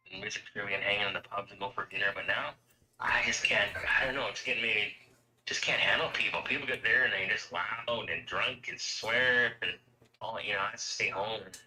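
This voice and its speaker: A man's voice: fairly low pitch, pushed and bright, poor audio. A man from Canada chatting casually, rambling and swearing as he rants about everyday costs. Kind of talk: casual chat.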